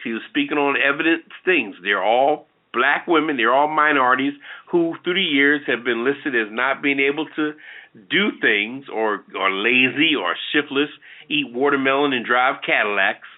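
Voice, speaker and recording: Male talk-show co-host, blunt and animated, average pitch, phone-thin sound. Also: normal speed. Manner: blunt, animated, with frequent restarts. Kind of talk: opinionated casual commentary. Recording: tinny phone-like audio.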